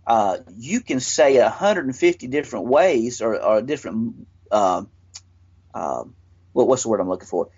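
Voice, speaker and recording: A man's voice: medium pitch, darkish tone, slightly rough. A man explaining earnestly in casual discussion, often restarting his sentences. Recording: dull lo-fi audio.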